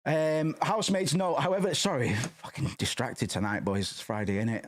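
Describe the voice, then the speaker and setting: A man chatting casually on a livestream, rambling and profane, loud and passionate, tacking "man" onto his sentences. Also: normal speed, hardly any pauses. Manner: loud and passionate, animated swings in pitch. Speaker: streamer.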